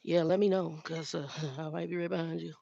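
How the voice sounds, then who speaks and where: Talking casually to her live viewers, this older female trucker has a low, warm voice with vocal fry and fairly even intonation, speaking a little fast. Her manner is frank and exasperated, and she frequently starts sentences over. The sound is dry, dull and lo-fi, with no room sound.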